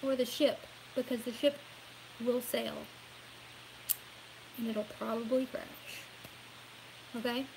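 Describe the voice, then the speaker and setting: A woman's voice: fairly high pitch, level tone, takes it slowly, creaky, long pauses, darkish tone, a little hiss or hum, low-quality recording. A woman from Louisiana with a Southern accent, talking earnestly and rambling a bit in a casual opinion vlog, often saying y'all. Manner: rambling, earnest, says y'all, laughs at herself. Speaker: political vlogger.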